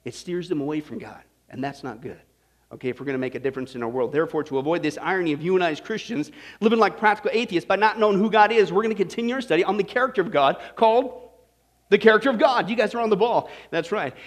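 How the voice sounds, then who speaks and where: A man's voice: sits high, fast talker. A male pastor preaching a sermon in a jokey way, talking with his audience and checking in with "right?" and "okay?".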